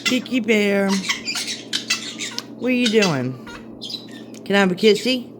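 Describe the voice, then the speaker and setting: Slow, sing-song woman coaxing her parrots. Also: mid-range voice, expressive, background noise. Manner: sing-song baby talk to pet birds. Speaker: channel host showing her parrots. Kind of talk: coaxing pet talk on camera. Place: home with parrot cages. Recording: loud parrot squawks behind.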